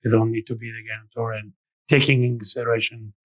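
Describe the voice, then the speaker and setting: A man's voice: medium pitch, flat delivery, fast, no room sound, low-quality recording. Dry-sounding man explaining loans. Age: middle-aged. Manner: explains step by step with frequent restarts. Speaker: lending expert guest. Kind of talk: conversational podcast interview.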